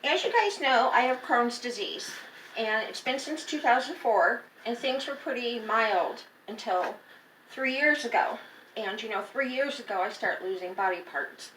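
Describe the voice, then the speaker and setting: A woman's voice: fairly high pitch, expressive, moderate pace, a bit bright. A woman telling a personal story to her viewers in a casual, rambling way, often correcting herself mid-sentence. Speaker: vlogger. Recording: echoey room, distant mic, faint noise.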